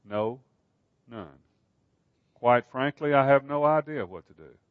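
A man voicing a weary aging king who speaks quietly and in a measured way, in a dull, dry recording. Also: mid-range voice, smooth, dry recording, lightly acted. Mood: resigned.

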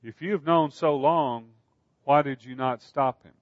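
A man's voice: mid-range voice, unhurried, no room sound, close to an everyday voice. A man voicing an anxious, loyal army commander who asks hesitant questions, in a dull, dry recording.

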